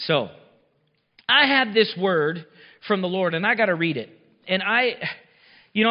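A pastor preaching a sermon in a conversational, emphatic way, chuckling at his own lines. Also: a little high. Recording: long reverb, dull muffled sound.

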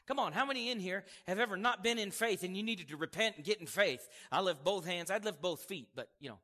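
High, lively preacher in a reverberant hall. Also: male voice, quick pace. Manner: animated, acts out scripture voices, asks the crowd questions. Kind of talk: sermon. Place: church hall.

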